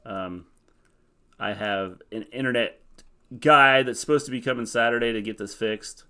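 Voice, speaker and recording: Speaking at normal speed, this co-host has a mid-range voice that is bright, forceful, clear and resonant. He chats casually through a live-stream recap, hedging his views and addressing the audience directly.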